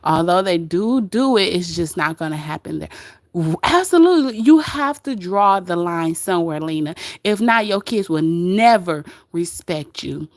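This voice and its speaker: A woman's voice: lowish voice, animated, normal speed, no room sound, studio quality. A woman hosting a casual livestream, chatting gossip, reading viewer comments aloud and laughing often. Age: adult with grown kids. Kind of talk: casual live-stream gossip chat.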